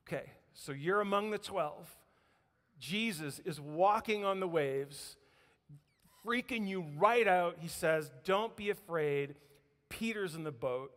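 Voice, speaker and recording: A man's voice: high voice, expressive, takes it slowly, fairly bright tone. A man preaching a sermon as a pastor, telling a story vividly and acting out what people say. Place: church sanctuary. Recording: church hall reverb.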